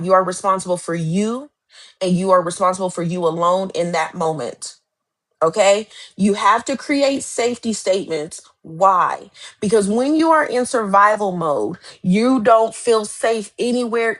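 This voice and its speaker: A woman life coach giving a live motivational talk, speaking emphatically and directly with lots of repetition. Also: mid-range voice.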